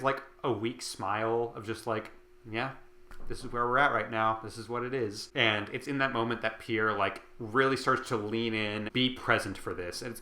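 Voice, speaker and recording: A man's voice: mid-range voice, bright, forceful tone. A tipsy man casually recapping a book, rambling with lots of fillers and swearing. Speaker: host. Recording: roomy echo.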